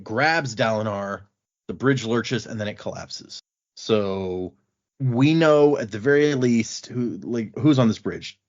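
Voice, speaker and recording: A man hosting a podcast, casually walking through a book's chapters in an animated retelling. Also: mid-range voice. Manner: animated retelling, acting out quotes in passing. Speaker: podcast host recapping a book. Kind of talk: casual chat. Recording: dull lo-fi podcast audio.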